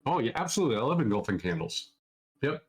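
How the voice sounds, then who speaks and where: A man's voice: mid-range voice, big pitch swings, fast talker, rough recording. A middle-aged man from Minnesota hosting a casual live Q&A, answering viewer questions off the cuff in a loose, chatty way. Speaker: trading educator hosting a Q&A.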